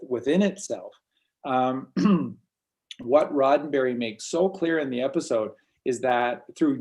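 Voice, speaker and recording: A man's voice: medium pitch, darkish tone. A man hosting a casual spiritual talk, rambling and often repeating words as he restarts sentences. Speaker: host.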